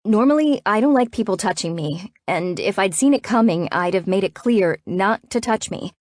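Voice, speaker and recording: A woman narrating a first-person romance audiobook in an expressive way that rises to tense urgency. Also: lowish voice, dry recording, clean studio sound. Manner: expressive, rising to tense urgency in anxious passages.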